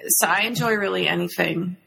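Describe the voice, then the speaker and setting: Gravelly-voiced woman gushing about a show. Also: fairly low pitch, sharp tone. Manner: enthusiastic, quick to correct. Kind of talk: casual chat.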